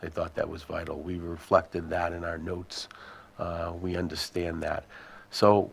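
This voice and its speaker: Deep, gravelly-voiced male superintendent. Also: level tone. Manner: measured, explanatory, thinking aloud. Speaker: school superintendent. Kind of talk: answering questions at a school committee meeting.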